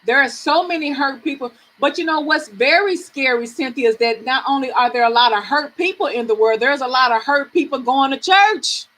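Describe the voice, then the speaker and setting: A woman's voice: high-pitched, fairly quick, few pauses, a bit bright, low-quality recording. A middle-aged woman from the American South, hosting a live reading stream and chatting frankly with viewers, swearing freely and laughing often.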